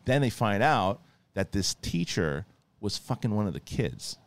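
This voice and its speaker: A man with a fairly low voice chats casually, retelling TV scenes at length. He swears freely, restarts his sentences often and jumps into a raised voice whenever he acts out a character's line. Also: measured pace. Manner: animated storytelling, acts out quoted lines in a raised voice; profane, rambling with many restarts. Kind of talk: casual chat.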